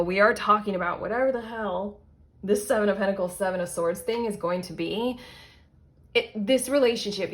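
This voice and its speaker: Woman doing a tarot reading, chatty and rambly, lots of likes and um's and going off on tangents. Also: medium pitch. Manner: rambling, self-interrupting, frequent fillers and asides. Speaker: tarot reader. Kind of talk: casual pick-a-card tarot reading.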